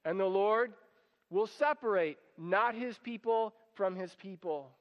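A man preaching a sermon, animated and acting out quoted voices as he explains a passage. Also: high-pitched, unhurried. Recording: dull sound with long hall reverb.

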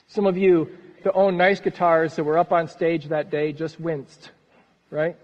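A man preaching a sermon as pastor, earnest and lively, often dropping soft at the ends of phrases. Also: a little high, measured pace. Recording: reverberant hall, dull sound.

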